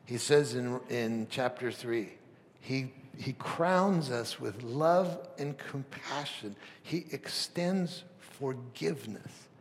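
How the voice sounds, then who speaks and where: A man preaching a sermon as pastor, swinging from loud emphatic peaks to soft near-whispers, with rhetorical questions and stammered restarts. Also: medium pitch, animated, slow, slight background noise. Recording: long reverb of a large hall.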